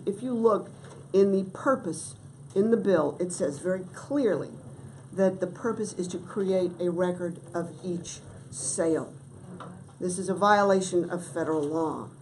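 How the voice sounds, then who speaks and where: A middle-aged woman giving formal testimony at a legislative hearing, measured and emphatic, stressing key words. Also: fairly low pitch, darkish tone, a little hiss or hum, low-quality recording. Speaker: testifying witness.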